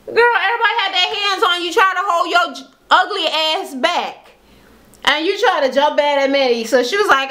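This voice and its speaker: A woman's voice: sits high, lively intonation, moderate pace, sharp tone. A woman vlogger recapping a reality show in a casual, blunt, profane rant, acting out what other people said.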